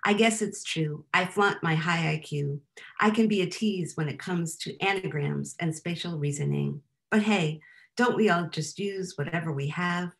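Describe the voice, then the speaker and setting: Lower-voiced woman reading wry poems. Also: normal speed, creaky. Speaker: poet. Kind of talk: live poetry reading with casual asides.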